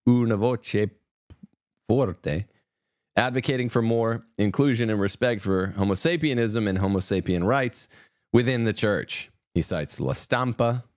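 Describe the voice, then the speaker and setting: A man's voice: lowish voice, unhurried, darkish tone, no echo, studio quality. A man hosting an opinionated news commentary show, reading headlines and adding sarcastic, mocking asides. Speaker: host.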